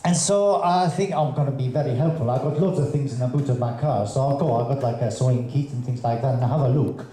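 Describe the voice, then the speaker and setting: Halting stand-up comic in an echoey theatre. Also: male voice, mid-range voice, warm tone. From Russian parents, raised in Colombia. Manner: hesitant, halting delivery with many fillers. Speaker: stand-up comedian. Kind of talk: stand-up comedy set on stage. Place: theatre stage before a live audience. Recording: echoey theatre with audience ambience.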